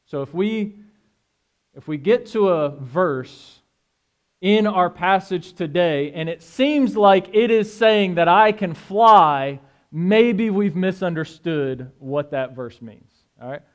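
Man, pastor, sermon, conversational, slightly high voice. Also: animated, slow. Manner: conversational, asks "right?" often.

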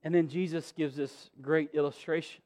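High-voiced man preaching with swelling emphasis. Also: fairly even intonation, moderate pace, mellow. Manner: earnest preaching with repeated phrases, swelling emphasis. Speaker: pastor. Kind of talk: sermon.

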